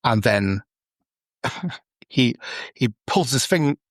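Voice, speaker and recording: A man's voice: mid-range voice, expressive, extremely slow, no room sound, studio quality. A man running a tabletop game, narrating the scene in a loose, improvised way full of "sort of" and "like". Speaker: game master.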